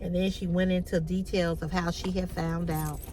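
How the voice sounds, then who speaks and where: A woman's voice: on the low side, moderate pace, a little hiss or hum. Emphatic woman telling a personal story. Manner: animated, emphatic, repeats key lines. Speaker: vlogger.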